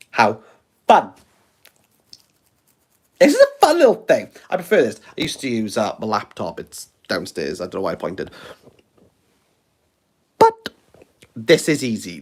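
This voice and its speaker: A Welsh man chatting on a livestream from his phone at home, rambling from one thing to the next and poking fun at himself. His voice stays in a middle pitch but jumps up and down a lot as he jokes. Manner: rambling, self-mocking and jokey. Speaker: book reviewer livestreaming. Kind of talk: casual livestream chat.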